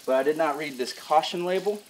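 A man's voice: a little high, a little fast, a little hiss or hum, poor audio. A man co-hosting an outdoor show, joking and needling his partner. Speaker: show co-host. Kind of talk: casual outdoor show chat.

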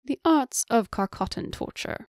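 A woman's voice: fairly high pitch, animated, a little slow, darkish tone, no room sound, studio quality, voice pushed up. Woman doing a careful, reassuring noblewoman. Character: cautious woman of high rank.

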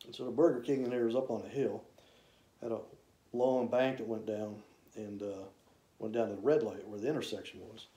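A man, casually telling rambling, folksy stories about his old hunting camps, with drawn-out "uh" fillers. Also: on the low side, fairly even intonation, mellow. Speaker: hunter reminiscing. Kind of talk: casual storytelling. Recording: roomy echo.

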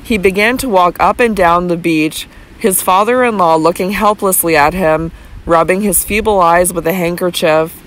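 A man narrating a classic novel as an audiobook with a steady, measured reading. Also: high-pitched, poor audio.

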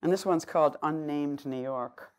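This Boston woman speaks at a normal pace in a low voice, giving a live poetry reading to an audience in a bookshop event space. Semi jet lagged, she rambles between poems with loose asides full of fillers and restarts.

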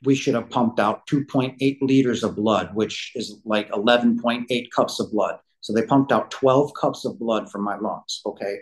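A man's voice: lowish voice, moderate pace, few pauses, rough recording. Rambling man in his fifties. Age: 50s. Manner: rambling, fills with "you know". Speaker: podcast guest. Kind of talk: personal storytelling. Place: living room couch at home.

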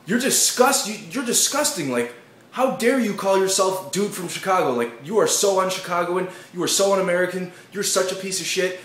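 A man putting on the voice of shrill, disgusted partygoers scolding in a valley-girl manner, in an echoey room. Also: lively intonation, moderate pace, fairly bright tone. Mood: appalled.

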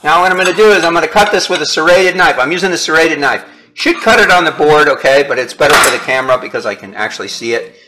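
A chatty chef walks viewers through a recipe in his home kitchen, full of enthusiasm and constant check-ins with the audience. His voice sits a bit high for a man and has a bright, forward edge. He talks casually, like a friend cooking next to you. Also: fast, slight background noise, poor audio. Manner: chatty, keeps checking in with "okay?" and "right?"; upbeat and enthusiastic about the food. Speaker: chef hosting a cooking show.

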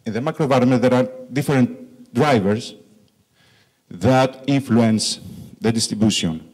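A man with a Greek accent shaped by Italian, giving a conference presentation as a country manager, joking about his English and slowing down for emphasis with many fillers. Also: mid-range voice, darkish tone, breathy edge. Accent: Greek with Italian influence. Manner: jokey, slow emphatic asides, frequent uh fillers.

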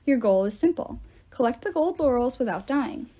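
A woman's voice: a little high, lively intonation, normal speed, dark tone. Woman doing a stern gray-haired swordsmaster. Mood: commanding. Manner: commanding, clipped, strict.

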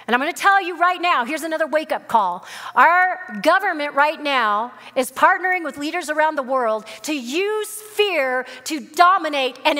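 A middle-aged woman pastor preaching a fiery sermon, swinging from shouted calls to low, firm lines. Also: big-room sound. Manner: fiery, rising to shouted exhortations and dropping low.

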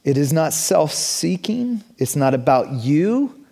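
Guy preaching slow and emphatic, kinda high voice, big hall echo. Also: sing-song, gravelly, mellow. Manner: emphatic, building repeated questions. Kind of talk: sermon.

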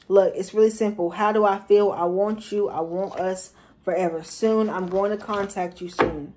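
A woman's voice: medium pitch, darkish tone. A woman speaking in who gives a casual, slangy tarot reading to her viewers. She often repeats herself for emphasis. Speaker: tarot reader.

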